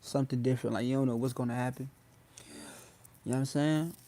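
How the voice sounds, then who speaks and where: A man's voice: mid-range voice, steady tone, fast, dark tone. A young man hosting a casual phone livestream, talking loosely in slang and addressing his viewers again and again. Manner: loose slangy talk, addresses chat often. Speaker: livestream host.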